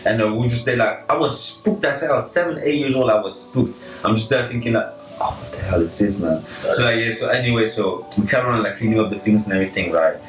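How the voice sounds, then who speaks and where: A man's voice: medium pitch, fast. A young man, casually telling a story on a podcast, piling on filler words and checking in with "right?". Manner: animated, filler-heavy, full of "like" and "right?". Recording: echoey room, slightly distant, faint music.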